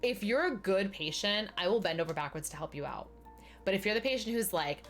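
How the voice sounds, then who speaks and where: A young woman chatting casually on a game stream, telling lively stories and acting out the people in them. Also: normal speed, soft background music. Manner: chatty storyteller, acts out quoted people with big pitch jumps. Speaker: streamer chatting while playing.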